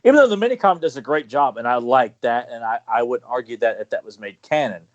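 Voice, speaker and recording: A man's voice: mid-range voice, animated. A man talking eagerly in a casual podcast chat, stopping and restarting his sentences often. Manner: enthusiastic, halting with many restarts. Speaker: podcast guest. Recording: dull lo-fi podcast audio.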